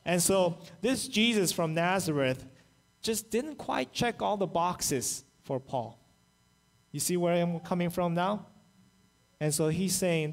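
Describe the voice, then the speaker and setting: Male pastor, high-pitched, lively storyteller voicing quotes in his sermon. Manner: animated storytelling, acts out quoted voices. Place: church, online service.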